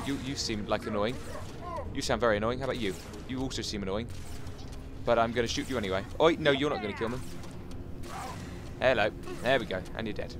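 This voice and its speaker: A man giving jokey, excitable commentary as he plays a video game, chatting to his viewers and taunting enemies. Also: mid-range voice, noisy background. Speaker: gaming YouTuber. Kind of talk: casual Let's Play commentary.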